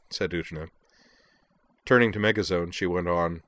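A man narrating a novel in a steady, even reading. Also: sits low, moderate pace, no room sound. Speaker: audiobook narrator. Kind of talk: scripted narration.

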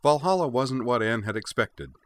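A man narrating a fantasy audiobook in a measured, even storytelling voice. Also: mid-range voice, no room sound. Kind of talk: scripted narration.

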